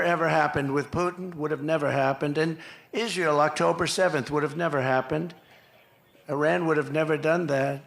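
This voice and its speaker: A man delivers a rambling campaign rally speech, circling back to the same points and throwing in mocking asides. His voice is bright and carries with a slightly raised pitch. The sound rings out through an echoey rally PA, with faint ambience underneath. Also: gravelly, a little hiss or hum. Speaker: political speaker at a campaign rally. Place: outdoor rally.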